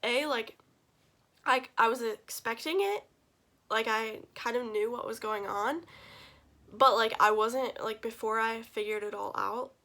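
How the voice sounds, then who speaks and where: A woman's voice: a little high, measured pace, pushed and bright. Emotional, gushing young woman vlogger. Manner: gushing, emotional, many fillers. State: tearful. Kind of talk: casual storytelling to camera.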